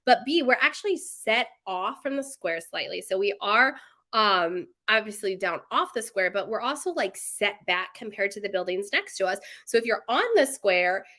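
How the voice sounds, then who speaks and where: A woman's voice: medium pitch, animated, moderate pace, sharp tone. A young woman chatting casually in a vlog, rambling through stories with lots of "like" and "right?" and laughing at her own jokes. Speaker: bakery co-owner vlogger.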